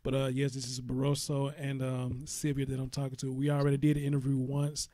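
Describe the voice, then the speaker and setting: A man's voice: medium pitch, fairly quick. A man hosting a casual online interview, laid-back and full of fillers. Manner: laid-back, many "uh" fillers, even delivery. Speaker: host.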